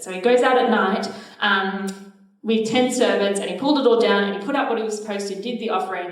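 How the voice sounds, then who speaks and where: A young woman teaching a church class, retelling a Bible story in a chatty way and leading group recitation. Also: mid-range voice. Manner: chatty, uses fillers, directs the group. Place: church hall. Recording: echoey hall from far off.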